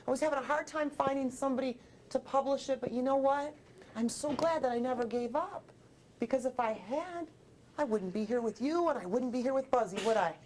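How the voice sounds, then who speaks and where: High, sing-song woman author coaxing a group of kids, faint room hum. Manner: animated, coaxing, asks kids questions. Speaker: children's book author. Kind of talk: talking with young children about a picture book. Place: television studio with children.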